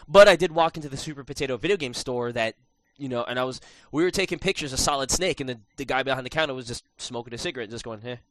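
Guy on a podcast rattling off a travel story, quick and bright, dry close sound. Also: medium pitch, no echo. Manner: animated storytelling with many restarts and fillers. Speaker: podcast host. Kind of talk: casual podcast chat.

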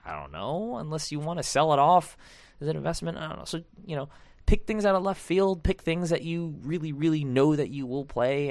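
A man's voice: medium pitch, no echo. A young man hosting a podcast, talking in a loose, rambling monologue full of fillers and self-deprecating asides. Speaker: podcast host.

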